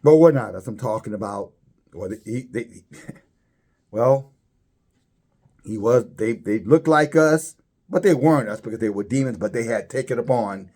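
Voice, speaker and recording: Male preacher, mid-pitched, halting delivery with repeated words, voice climbs sharply on emphasis. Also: lively intonation, a little mellow. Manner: halting, repeats words, rises high when stressing points. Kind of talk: religious commentary sermon.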